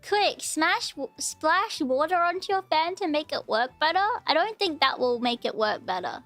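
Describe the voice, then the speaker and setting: Aussie girl vtuber yapping away on stream, high voice, keeps repeating herself, soft music in the back. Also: animated, unhurried. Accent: Australian. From Australia. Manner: chatty, rambling, repeats herself. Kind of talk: casual live-stream chat.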